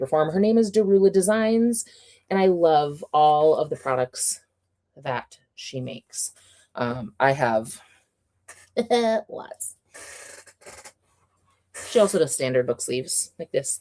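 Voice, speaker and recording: A young woman from the United States hosting a relaxed livestream. Her voice sits a little low, and she talks in a chatty, upbeat way full of fillers and small laughs as she answers her viewers. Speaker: livestream host reading chat. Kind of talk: casual livestream chat.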